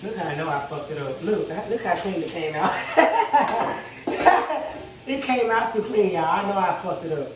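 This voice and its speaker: Briskly and with few pauses, a man with a high voice talks while cooking at home, and the recording is very noisy. This stressed vlogger jokes and curses directly to his audience in casual cooking chat, captured from afar in an echoey kitchen.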